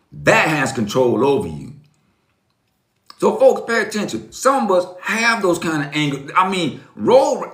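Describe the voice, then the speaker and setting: A man's voice: fairly high pitch, fairly bright tone, reverberant. A man in his fifties giving a motivational live-stream talk, preachy and emphatic, repeating lines and calling his viewers folks. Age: 50s.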